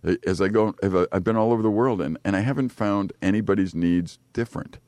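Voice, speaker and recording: A man's voice: fairly low pitch, fast, a little mellow, dry recording. An American man co-hosting a faith-based radio talk show, chatty and joking, then earnest when he preaches to listeners. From United States. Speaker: radio co-host. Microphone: studio microphone.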